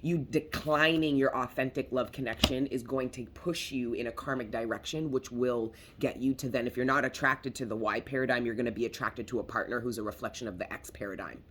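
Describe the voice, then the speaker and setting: A man with a bright, forward voice giving a casual tarot reading straight to his viewers. He talks in a loose, rambling way, circles back on his words and drops the odd curse for emphasis. His voice sits at a middling pitch. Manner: rambling and emphatic, swears freely, repeats words. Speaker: tarot reader.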